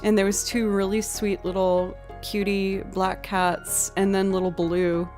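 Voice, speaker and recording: Her delivery is flat and a little mellow, medium in pitch and measured in pace, over soft background music. A woman in her thirties who is a musician, she chats casually on her live stream from her home desk, telling stories with frequent giggles.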